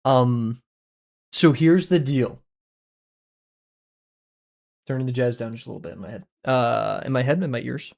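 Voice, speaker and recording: Young guy rambling on his art stream, talks to himself, playful, swears a bit, medium pitch. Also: moderate pace, vocal fry, long pauses, a little mellow. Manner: rambling, self-talking, playful, swears casually. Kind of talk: casual livestream chat while drawing.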